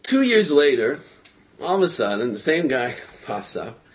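A man telling a religious story in a casual, lively way, with frequent hesitations, fillers and chuckles. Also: medium pitch, moderate pace, slight background noise.

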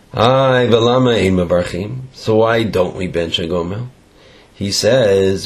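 A man giving a Torah talk, mixing Hebrew terms into with lively rising emphasis. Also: medium pitch. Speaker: Torah teacher.

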